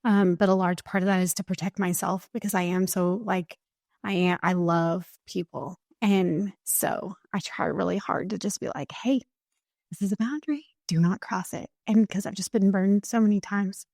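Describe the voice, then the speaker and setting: A woman's voice: mid-range voice, little pitch movement, moderate pace, vocal fry, a little mellow, dry recording, studio quality. A woman speaking as a podcast guest in a candid, heartfelt conversation. She is earnest and emotional and fills her speech with "like.". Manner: earnest and emotional, with many "like" fillers.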